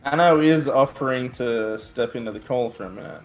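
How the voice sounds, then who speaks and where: A man's voice: medium pitch, fairly quick, faint music behind. A man playing in an online tabletop game, talking hesitantly with many ums and uhs. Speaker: player. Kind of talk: casual tabletop game talk.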